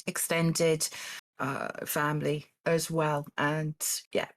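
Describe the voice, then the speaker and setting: Calm woman hosting a charity stream. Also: low-pitched, slow pace. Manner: calm, polite, frequent uh and um. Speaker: game show host reading donations.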